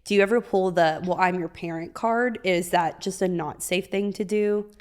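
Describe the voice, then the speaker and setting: A woman's voice: lowish voice, normal speed, darkish tone. A woman hosting a parenting podcast, chatty and asking questions, with lots of agreeing fillers. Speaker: podcast host. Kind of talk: casual podcast chat.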